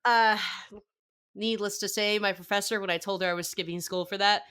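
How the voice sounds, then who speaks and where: Excitable young woman, bright voice. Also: mid-range voice, brisk, smooth. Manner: excitable storyteller, acts out her reactions. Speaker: podcast guest. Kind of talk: casual podcast chat.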